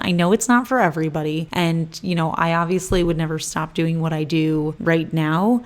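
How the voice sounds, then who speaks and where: Young female vlogger, slightly low voice, casual and chatty, quick to laugh. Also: a little mellow. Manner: chatty, laughs often, lots of fillers. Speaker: vlogger answering viewer questions. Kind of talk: casual chat.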